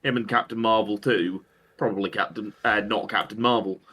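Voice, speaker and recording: A man's voice: lowish voice, steady tone, moderate pace, sharp tone, husky. A man co-hosting a casual tabletop game discussion, giving dry, understated opinions. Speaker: podcast co-host.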